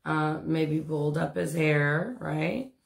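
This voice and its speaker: Low gravelly woman teaching kids to draw. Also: takes it slowly, roomy sound. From Canada. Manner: chatty and encouraging, many ums and asides. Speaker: art teacher. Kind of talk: step-by-step drawing lesson for children.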